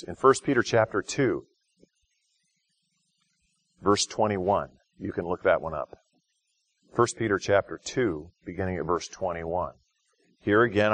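A man with a lowish voice gives a sermon in an easy, chatty way, then drops into slow, forceful emphasis on key words. The sound is dry and close, with no room echo. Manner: conversational preaching with sudden loud, slow emphatic phrases. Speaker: pastor.

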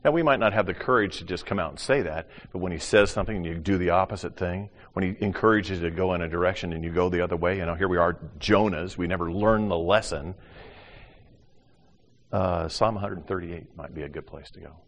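Older male pastor, sermon delivery, animated with hushed drops, low-pitched voice, reverberant sanctuary sound. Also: a little fast. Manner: animated, acts out voices, swings from loud to hushed. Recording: long hall reverb.

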